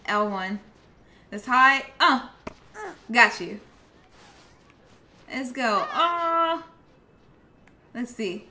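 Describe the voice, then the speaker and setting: A woman's voice: fairly high pitch, animated, drawn-out words, long pauses, bright, forceful tone, a little hiss or hum. A young woman giving chatty, casual commentary while playing a video game. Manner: chatty, reacts aloud to the game. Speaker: gameplay streamer. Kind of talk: casual let's-play commentary.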